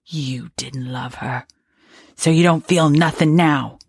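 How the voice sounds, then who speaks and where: A woman's voice: low-pitched, slow, gravelly, slightly rough, no echo, studio quality, heavily acted. A woman reading an audiobook, voicing a grieving, bitter older woman servant who scolds in harsh, ungrammatical rural speech.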